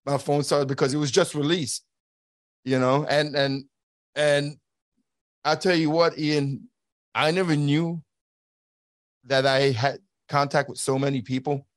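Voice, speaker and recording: A man's voice: a little high, steady tone, a little slow, long pauses, no echo, studio quality. A middle-aged man, a guest, telling a personal story earnestly, acting out the lines of the people he quotes and often restarting his words. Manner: earnest, acts out quoted dialogue. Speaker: guest, former border agent. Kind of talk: conversational storytelling.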